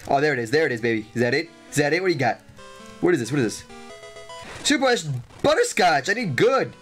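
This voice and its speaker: Excitable man with a lively voice. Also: fairly high pitch, fast, soft background music. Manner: excitable, jokey, exclaims and repeats himself. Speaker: let's play host. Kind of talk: gameplay commentary.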